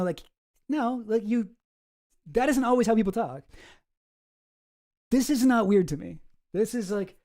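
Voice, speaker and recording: A man's voice: high-pitched, mellow. A man hosting a casual commentary stream, rambling and self-deprecating, swearing often. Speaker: streamer host.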